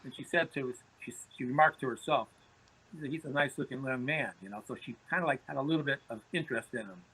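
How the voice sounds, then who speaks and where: A man's voice: medium pitch, fast, sharp tone, slightly rough, rough recording. A man, a podcast guest telling anecdotes in conversation, often repeating words as he starts phrases. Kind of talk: storytelling in conversation.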